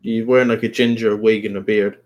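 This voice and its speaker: A man's voice: lowish voice, level tone, a little fast, darkish tone. A young man chatting casually, enthusiastic and swearing freely. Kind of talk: casual chat.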